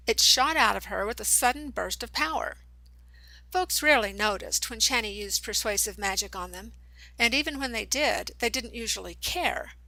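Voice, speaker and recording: A woman narrator reading a young adult novel aloud in an expressive storytelling manner. Her voice is bright and sits a little high. The recording is dry and close, with no room sound. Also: no room sound, poor audio. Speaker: audiobook narrator. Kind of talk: scripted audiobook narration.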